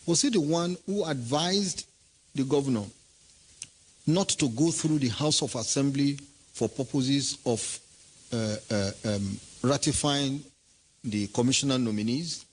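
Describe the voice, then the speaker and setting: A man's voice: medium pitch, a little slow, rough recording. A man giving an impassioned political statement, emphatic and full of rhetorical questions.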